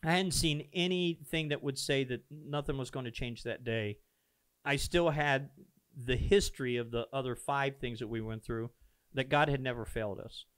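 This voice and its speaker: A man, a pastor, telling a founding story in a casual podcast conversation, earnest and animated, acting out the dialogue. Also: mid-range voice, moderate pace, clean tone, no room sound. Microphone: podcast microphone.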